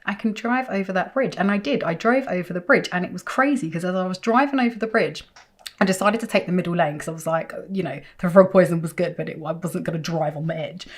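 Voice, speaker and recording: Talking quickly to the camera, a woman vlogs a personal story. Her delivery is emphatic and animated, with sudden leaps in pitch.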